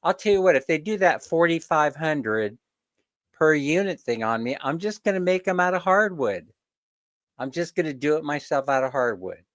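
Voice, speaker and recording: A man's voice: on the high side, expressive, moderate pace, fairly bright tone, no room sound, studio quality. A man hosting a casual live chat with viewers, telling stories, chuckling often, and mimicking the people he quotes. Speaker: host.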